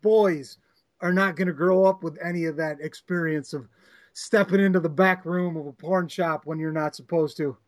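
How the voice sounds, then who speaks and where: A man's voice: fairly high pitch, fairly even intonation, normal speed. Rowdy swearing male podcast co-host. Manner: profane, rowdy, jokey. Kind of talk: casual chat.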